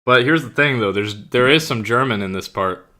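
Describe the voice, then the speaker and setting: A man's voice: mid-range voice, normal speed, pushed and bright. A young man streaming and chatting casually with his viewers, rambling with lots of fillers and casual swearing. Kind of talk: casual chat with live chat. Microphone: own streaming mic.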